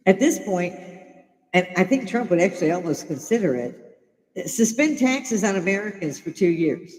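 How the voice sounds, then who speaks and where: A woman's voice: on the low side, lively intonation, normal speed, a little mellow. An older woman from Chicago chats casually on her livestream, blunt and profane, breaking into laughter often. Her voice carries a long, echoing reverb around it. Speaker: livestream host. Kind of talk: casual opinionated livestream chat.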